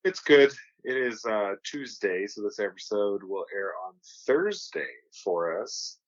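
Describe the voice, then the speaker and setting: A man's voice: fairly low pitch, expressive, unhurried, no echo, lo-fi sound. A man hosting a podcast in casual chat, rambling with lots of "like" and "uh". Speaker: podcast host.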